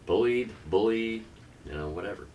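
Podcast guest, middle-aged man, deep and low, earnest and blunt, set back from the mic. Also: normal speed, mellow, recorded from a distance, a little hiss or hum. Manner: candid, earnest, occasionally profane. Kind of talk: emotional personal storytelling.

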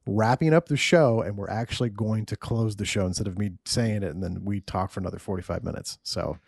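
Male podcast host, deep-ish, casual and profane, dry mic. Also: a little fast, vocal fry, a little mellow, slightly rough, no room sound. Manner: loose and profane, laughs often.

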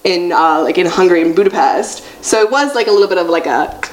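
A woman's voice: lowish voice, quick pace. A young American woman co-hosting a podcast, chatting casually and rambling with lots of "like" and laughter. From United States. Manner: rambling, laughing, heavy use of "like". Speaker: podcast co-host. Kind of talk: casual chat. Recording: echoey room with faint noise.

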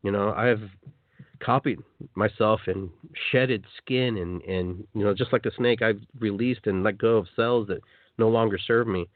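Male radio host, animated spiritual monologue; phone-line quality, dry and close. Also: lowish voice, measured pace, dry recording. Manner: animated, acts out quoted voices.

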